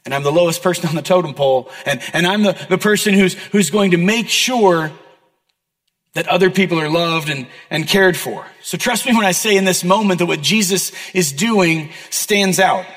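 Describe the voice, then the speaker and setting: High-voiced male pastor in a reverberant hall. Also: moderate pace, fairly bright tone. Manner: earnest and conversational, with self-deprecating asides. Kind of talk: sermon. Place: church auditorium. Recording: long reverb of a large hall.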